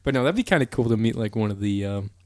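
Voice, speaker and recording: A man's voice: fairly low pitch, lively intonation, fast talker, a little mellow, no room sound, clean studio sound. A young man co-hosting a podcast, joking in easygoing casual chat. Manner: easygoing, joking, drops filler words. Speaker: podcast co-host.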